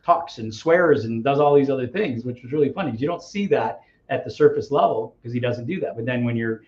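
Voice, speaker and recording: Fast-talking man telling a story. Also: medium pitch. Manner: animated, acts out quoted dialogue. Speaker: guest. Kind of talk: casual storytelling interview. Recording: slightly muffled audio.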